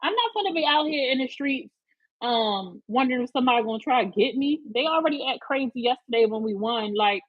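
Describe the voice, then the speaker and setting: High husky woman, live-stream chat. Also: lively intonation, brisk, dry recording, muffled recording. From Philadelphia. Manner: chatty, greets viewers by name, emphatic slang.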